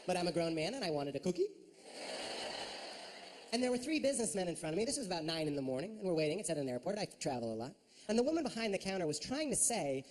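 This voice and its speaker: A male stand-up comedian on stage with a very lively, swooping delivery. He jumps into high shrill voices for his impressions. The recording carries noticeable background noise from the live room.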